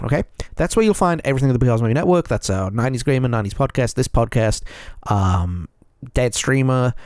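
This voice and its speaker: A man's voice: medium pitch, a little mellow, no room sound, clean studio sound. A man hosting his own podcast, talking frankly and at length on his own, repeating himself and often checking in with his listeners. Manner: rambling, repeats himself, keeps checking in with "okay?"; frank and earnest. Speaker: podcast host. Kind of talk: solo confessional podcast monologue.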